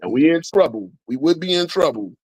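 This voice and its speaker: A man hosting a casual sports watch-along, excitable and swearing as he reacts to plays. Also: on the high side, a little fast, husky, no echo, low-quality recording. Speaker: livestream host.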